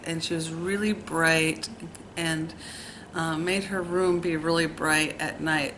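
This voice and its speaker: A woman telling a personal ghost story in a hesitant way, pausing often with fillers. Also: fairly low pitch, pushed and bright, slight background noise, poor audio. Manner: slow, hesitant, with many pauses and fillers.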